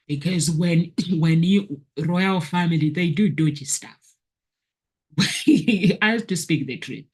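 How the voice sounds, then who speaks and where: Woman vlogger preaching to camera, husky voice, keeps repeating herself for emphasis. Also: deep voice, animated, measured pace. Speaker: motivational vlogger. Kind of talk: personal testimony, preachy monologue.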